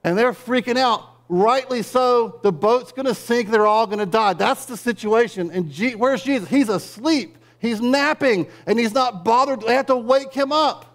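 Pastor with rising, driving sermon peaks. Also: male voice, normal speed, hardly any pauses. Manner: swings from quiet, low asides to loud, driving build-ups; conversational, wry humor.

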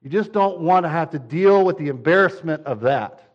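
A man's voice: fairly high pitch, lively intonation, normal speed. Male pastor, sermon; direct, repetitive emphasis; slightly muffled recording.

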